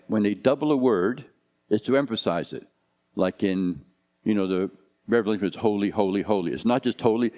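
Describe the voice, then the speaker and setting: A man's voice: lowish voice, dark tone. A man in his fifties, a pastor preaching a conversational sermon full of rhetorical questions.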